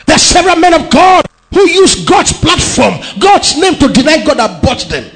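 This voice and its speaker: A male pastor preaches in a very high, lively voice that swings up and down in pitch. His tone is gravelly with fry, and he drives his points home by shouting and half-singing his lines. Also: moderate pace. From Nigeria. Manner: emphatic preaching with shouted and sung-out phrases. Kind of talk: sermon.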